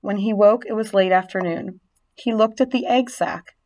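A woman narrating a storybook reading aloud, gentle and expressive. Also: medium pitch, moderate pace.

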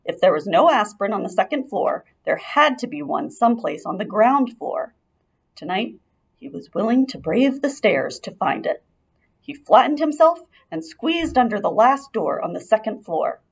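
A woman narrating a children's storybook aloud as an expressive, lively storyteller. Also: medium pitch, normal speed, creaky, slightly rough. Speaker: audiobook reader.

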